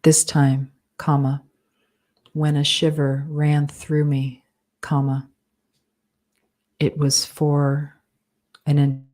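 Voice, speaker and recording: Slow low-voiced woman dictating aloud. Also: completely flat delivery, a little mellow. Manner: slow, measured, speaking punctuation aloud. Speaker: author dictating a novel. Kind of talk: live dictation of fiction with spoken punctuation.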